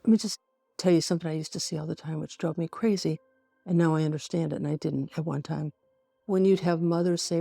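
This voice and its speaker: Gravelly-voiced woman telling a story. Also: deep voice, fairly even intonation, quick pace, dark tone, dry recording, faint music behind. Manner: vivid anecdotal storytelling, acting out quotes. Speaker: forensic pediatrician guest. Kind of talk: storytelling in a podcast interview.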